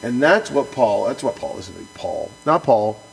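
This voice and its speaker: A man's voice: mid-range voice, sing-song, normal speed, vocal fry, crowd noise, rough recording. A man who is a pastor co-hosting a podcast, reading from a book and then talking it over in an earnest, emphatic way, often restarting and repeating words.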